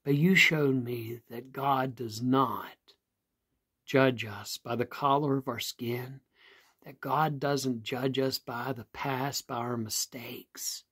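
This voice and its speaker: A man voicing a grateful, tearful homeless man who speaks slowly and haltingly, with a husky voice. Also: medium pitch, steady tone, a bit bright.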